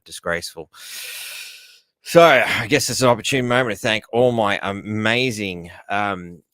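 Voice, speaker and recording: A relaxed Australian man with a lowish, smooth voice, hosting a live stream and greeting viewers by name. He talks in loose, chatty bits with drawn-out hellos. The sound is close and dry. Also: dry recording. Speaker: livestream host. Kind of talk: casual live-stream chat.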